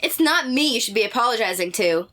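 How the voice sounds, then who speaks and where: A woman's voice: a little high, expressive, fast talker, fairly bright tone. A woman voicing a snobby, haughty teenage schoolgirl rival in a casual game playthrough, with a smug, mocking delivery. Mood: snooty. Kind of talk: amateur let's-play voice acting.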